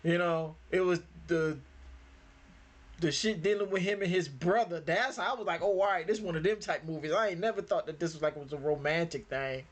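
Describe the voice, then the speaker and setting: A man co-hosting a movie reaction chat, profane and quick to laugh and agree. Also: fairly high pitch.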